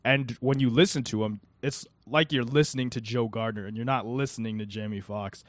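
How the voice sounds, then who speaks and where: A man's voice: mid-range voice, fairly even intonation, fairly quick, dry recording. A young man co-hosting a podcast, talking earnestly in casual chat with many fillers. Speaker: podcast co-host.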